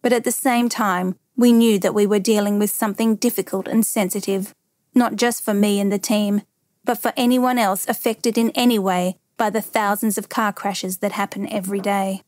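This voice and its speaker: A woman reading a first-person memoir aloud as narrator, measured and steady. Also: medium pitch, no room sound, studio quality.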